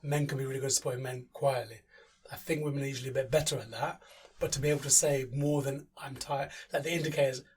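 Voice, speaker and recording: Man, quick and thoughtful, sharing personal views in a group talk; recorded off-mic with a faint room hum. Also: mid-range voice, steady tone, distant mic. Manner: thoughtful, self-correcting, speaks from personal experience. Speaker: community discussion guest. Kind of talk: reflective group discussion.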